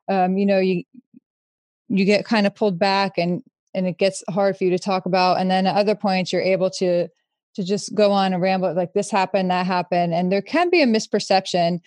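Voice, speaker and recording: A woman hosting an interview, speaking in a measured, empathetic way as she carefully frames her questions. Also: mid-range voice, darkish tone, dry recording, clean studio sound. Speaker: host. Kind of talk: interview conversation.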